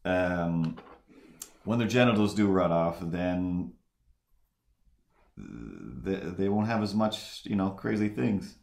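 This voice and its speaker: Low-voiced guy chatting on his drawing stream, rambly and animated, echoey room. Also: slow pace, vocal fry, pauses often. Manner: rambling storyteller, animated retellings. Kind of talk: casual livestream chat.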